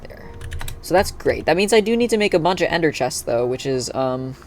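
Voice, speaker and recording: A live streamer chatting casually while playing, thinking aloud and breaking into excited cheers. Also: medium pitch, a little fast, slight background noise. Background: faint background music and keyboard typing.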